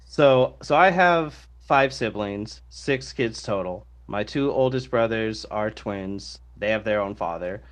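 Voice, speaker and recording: A man with a fairly low voice talks loosely on a podcast, piling up fillers as he goes. His delivery is unhurried and conversational, like he's chatting with friends. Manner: relaxed, rambling, many fillers. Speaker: podcast co-host. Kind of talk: casual podcast discussion.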